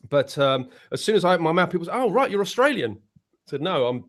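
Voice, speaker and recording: A man's voice: a little high, sing-song, fast. A man from the United Kingdom with an English accent, telling long rambling stories in a casual panel chat, often restarting his sentences. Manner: rambling storytelling with many restarts. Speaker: panel guest, musician.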